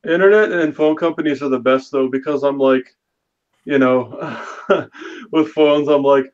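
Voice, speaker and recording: A man talking in a casual podcast chat, swearing often and telling stories quickly. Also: mid-range voice, steady tone, clean tone. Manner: profane, rapid storytelling. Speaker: podcast regular. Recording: slightly dull lo-fi audio.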